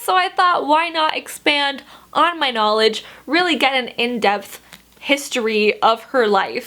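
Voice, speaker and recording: Young woman book vlogger, high bright voice, chatty and bubbly, laughs a lot. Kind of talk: casual book haul vlog.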